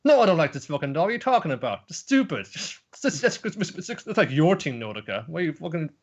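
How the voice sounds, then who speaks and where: A man's voice: mid-range voice, sing-song, quick pace, a bit bright, highs cut off. A man voicing a bratty, sneaky female cartoon rabbit fairy who swears and gets defensive. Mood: snappy.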